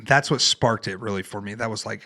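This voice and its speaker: Fairly quick and lowish in pitch, this Ohio man in his thirties is a podcast guest, a fighter and former Marine. He swaps war stories casually, swearing freely and animatedly voicing the people in them.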